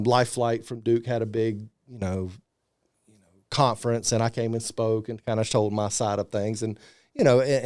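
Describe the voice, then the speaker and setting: A man in his thirties, a guest speaker on a podcast, telling a personal story in a casual, animated way and acting out the people he quotes. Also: mid-range voice, smooth, no echo, clean studio sound.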